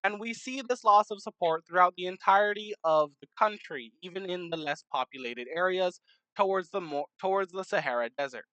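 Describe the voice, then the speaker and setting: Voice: medium pitch, fairly quick, a bit bright, no echo, rough recording. A young adult narrating a map timelapse series in a casual, rambling way, with many fillers, self-corrections and joking asides. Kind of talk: casual game commentary.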